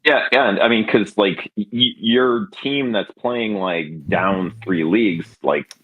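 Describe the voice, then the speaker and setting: Deep husky man, halting with many fillers. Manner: halting, full of "like" and restarts. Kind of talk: casual chat. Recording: dull, husky lo-fi sound.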